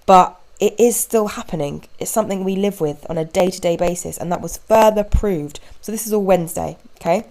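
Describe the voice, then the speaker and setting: A young woman hosting a podcast, telling a story in an animated, indignant way with quick asides. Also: lowish voice, poor audio. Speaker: podcast host. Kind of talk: casual storytelling monologue.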